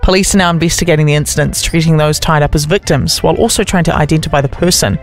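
A man reading news headlines on breakfast radio in a brisk, upbeat way. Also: a little high, faint music behind. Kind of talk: news read with banter.

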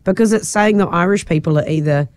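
A woman's voice: fairly low pitch, fast, a little mellow. A woman hosting a breakfast radio show in casual banter, bubbly and giggly, her voice leaping up when surprised. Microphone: studio microphone.

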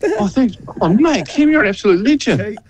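A New Zealand man phones in to a live radio bit from outdoors, sounding nervous, giggly and excitable. His voice sits high and swoops about a lot. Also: moderate pace, slight background noise. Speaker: radio co-host out on the street.

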